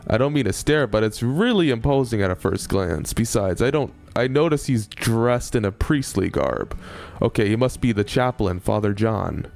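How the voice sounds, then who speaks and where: A man casually reading an interactive story aloud in first person, halting and correcting himself, laughing at his slips. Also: on the low side, expressive, vocal fry, darkish tone, soft background music.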